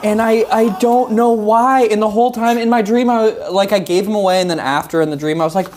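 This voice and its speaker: A woman co-hosting a podcast in casual chat, candid and quick to laugh, repeating herself as she thinks. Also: mid-range voice, fairly even intonation, a little mellow. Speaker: podcast co-host.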